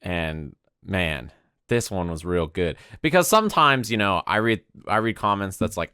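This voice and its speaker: His voice lowish and animated, the same kind of casual stream chat unfolds: a man in his twenties, a streamer and fighting game commentator, rambling and swearing from a home room with a window, often ending lines with "right?" He speaks fairly quickly, his tone sharp yet smooth, in studio-quality audio with no room sound.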